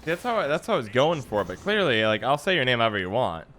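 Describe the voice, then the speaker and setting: Streaming a card game, a man chats casually with his viewers, musing and poking fun at himself. His mid-range voice has a fairly bright tone, wide pitch swings and a quick pace.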